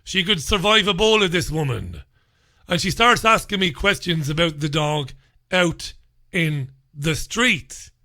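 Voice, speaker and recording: A man, hosting a radio show and telling a comic story in an animated, sardonic, swearing way from a studio. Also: fairly high pitch, measured pace. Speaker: radio host.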